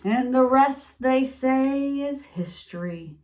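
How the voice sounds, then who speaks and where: A woman's voice: high voice, expressive, slow pace, darkish tone, pitched above the performer's own voice. Self-pitying wolf telling his own side, as a woman reads it aloud; confiding, storybook read-aloud. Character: sniffly, self-pitying male wolf narrator. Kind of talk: picture-book read-aloud.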